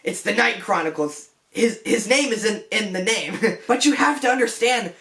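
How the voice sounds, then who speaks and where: A man's voice: high voice, animated, moderate pace, pushed and bright. A young man hosting a comedic film commentary vlog in a detective persona, rambling and self-mocking, with joking asides and frequent restarts. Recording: echoey room.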